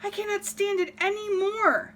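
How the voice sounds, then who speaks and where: A woman voicing a worn-out poor farmer who pleads for quiet, in a storybook reading. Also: very high-pitched, a little slow, slight background noise, voice pushed up, exaggerated voice. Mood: pleading. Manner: pleading, exasperated.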